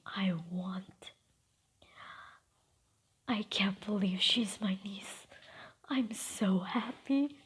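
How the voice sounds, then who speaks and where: A woman voicing an adult male clown who dotes on his niece, in a breathy whisper and a soft, gushing manner. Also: mid-range voice, extremely slow, pauses often, heavily acted. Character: flamboyant adult male clown, doting uncle.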